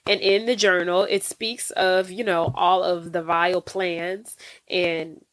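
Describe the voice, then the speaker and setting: A woman's voice: lowish voice, slow, no echo. Young American woman, podcast co-host, blunt and profane, dry close sound. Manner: blunt, profane, animated retelling. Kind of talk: casual movie recap chat.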